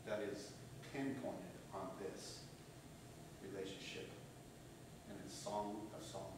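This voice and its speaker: Pastor guy preaching, loud then hushed, keeps saying right?, super echoey church hall, mic far off. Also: on the low side. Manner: swings from loud emphatic preaching to hushed near-whispers; asks the congregation "right?" often. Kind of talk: sermon. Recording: very echoey room, voice from off-mic, faint hum.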